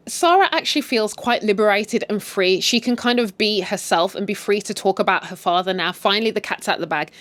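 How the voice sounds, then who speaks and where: A young woman recapping a drama series with a casual, gossipy delivery and plenty of blunt swearing. Her voice sits at an ordinary middle pitch. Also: fairly quick, fairly bright tone, no room sound. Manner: chatty, gossipy, swears and laughs. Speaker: recap host.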